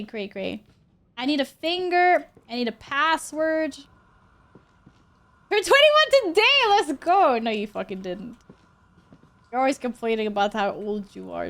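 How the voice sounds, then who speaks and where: High-voiced woman streamer swearing through gameplay. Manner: reactive, swears and exclaims often. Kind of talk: live gameplay commentary.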